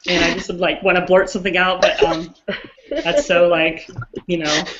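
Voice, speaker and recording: A woman co-hosting a casual chat, talking in an excitable, rambling way. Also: lowish voice, moderate pace, noisy background. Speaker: co-host. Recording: muffled lo-fi audio.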